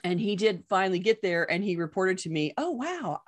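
A woman's voice: fairly low pitch, fairly even intonation, a little fast. A woman podcast host and professional organizer, chatting casually, telling stories and laughing often. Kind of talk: casual chat.

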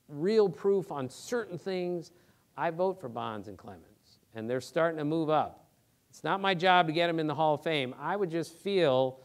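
A middle-aged man, a sports reporter, answering audience questions on a theater stage in an animated, earnest way, with emphatic rhetorical questions. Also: a little high. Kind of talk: live Q&A talk.

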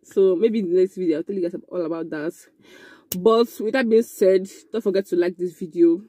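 A young woman telling a casual storytime, animated and excitable, with frequent exclamations. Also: lowish voice, fairly quick, no echo. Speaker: vlogger.

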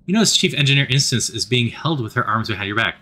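A man narrating a story game aloud, with animated, expressive narration. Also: medium pitch, fast talker.

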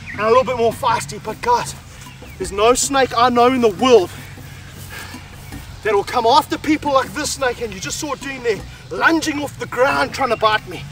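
Breathless, excitable high-voiced man. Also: moderate pace, long pauses. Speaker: snake handler presenting. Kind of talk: outdoor wildlife vlog presenting. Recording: music bed under the voice.

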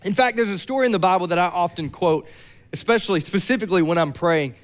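A young adult man preaching a sermon, lively and joking with playful asides. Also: sits high, fast. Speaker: pastor.

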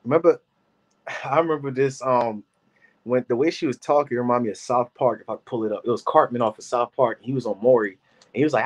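A man in his thirties giving casual reaction commentary, animated and rambling, talking to his chat by name. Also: mid-range voice, fast talker. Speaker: commentary host.

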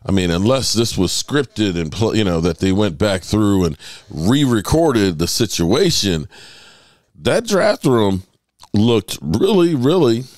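Deep-voiced emphatic man, dry sound. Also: a little mellow, dry recording. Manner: emphatic, stretches words for emphasis. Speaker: sports podcast host. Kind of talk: solo commentary.

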